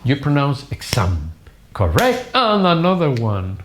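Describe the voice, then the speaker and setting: A man's voice: medium pitch, very animated, moderate pace, a little hiss or hum. A middle-aged man whose first language is Spanish, teaching a live online English lesson in a classroom and drilling words with emphatic repetition. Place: classroom with whiteboard.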